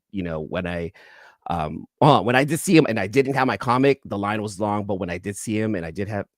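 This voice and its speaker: Animated man rambling through a comic haul. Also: on the low side, no room sound, clean studio sound. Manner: rambling, self-interrupting, quick asides to viewers in live chat. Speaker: YouTube comic collector host. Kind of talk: casual haul vlog.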